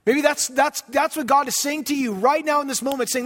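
High-voiced pleading preacher in a hall. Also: male voice, a little fast. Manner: pleading, emphatic preaching, dropping soft for scripture. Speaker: pastor. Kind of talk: sermon. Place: church sanctuary. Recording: hall reverb.

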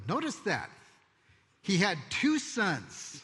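A man preaching a sermon as pastor, expressive and conversational, telling stories with asides. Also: high voice, unhurried. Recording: long hall reverb.

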